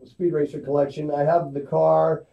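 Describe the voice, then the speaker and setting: A man's voice: a little high, little pitch movement, moderate pace, gravelly. A man co-hosting an online radio show in casual chat, rambling and hesitant, laughing easily. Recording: distant lo-fi webcast audio.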